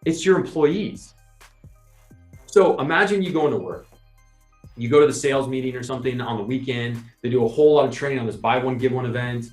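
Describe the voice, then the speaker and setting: A podcast host chats casually and brisk, turning his points into animated, acted-out scenes with quoted asides and voices. His pitch is mid-range, and the echoey room carries faint music underneath.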